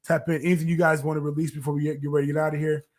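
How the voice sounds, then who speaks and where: A man's voice: a little high, flat delivery, racing. Emphatic man hosting a radio podcast. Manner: emphatic, repeats phrases, laughs often. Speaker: podcast host. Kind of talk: energetic radio talk.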